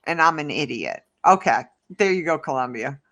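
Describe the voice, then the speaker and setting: A woman's voice: low voice, animated, moderate pace, a bit bright. Rambling woman ranting on a livestream. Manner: rambling, heated, talks back to the chat. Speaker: livestream host. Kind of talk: casual livestream chat reading comments.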